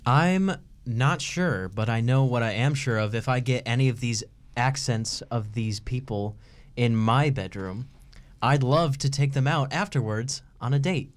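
A man's voice: mid-range voice, unhurried. A man co-hosting a casual chat, teasing and playful.

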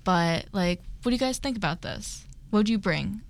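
A woman's voice: medium pitch, expressive, moderate pace, gravelly. A woman hosting a casual group chat, talking loosely with many fillers. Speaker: host.

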